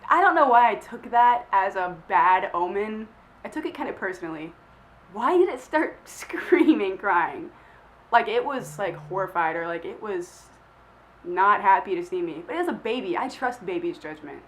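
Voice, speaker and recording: A woman's voice: medium pitch, lively intonation, moderate pace, a bit bright, low-quality recording. A young woman who is feeling sick, chatting casually to camera as she answers questions in a rambling, self-deprecating way full of filler words. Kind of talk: casual chat.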